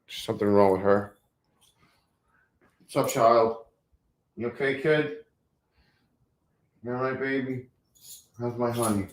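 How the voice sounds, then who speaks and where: A man's voice: medium pitch, normal speed, vocal fry, long pauses, fairly bright tone, a little hiss or hum. A man hosting a casual live stream, rambling to his viewers and talking to his dogs.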